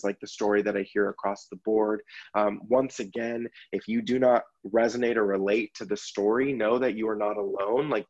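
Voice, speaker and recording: A man's voice: fairly low pitch, darkish tone, muffled recording. A man working as a self-love coach, talking earnestly and reflectively in a podcast conversation, with many restarts.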